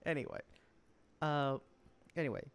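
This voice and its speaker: Halting male game master. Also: on the high side, very animated, gravelly, smooth. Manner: halting, full of filler words. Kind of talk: narrating a tabletop game.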